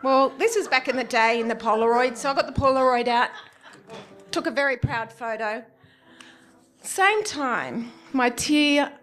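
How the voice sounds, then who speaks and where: A woman with an Australian accent telling a self-mocking comic story on stage at a live event. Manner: animated, self-mocking, with big swoops into high exclamations.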